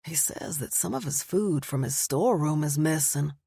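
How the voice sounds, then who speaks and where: A woman voicing a warm, easygoing young man who is a bear shifter, relaxed and affectionate. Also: low voice, moderate pace, gravelly, husky, no echo, clean studio sound, heavily acted. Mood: serious.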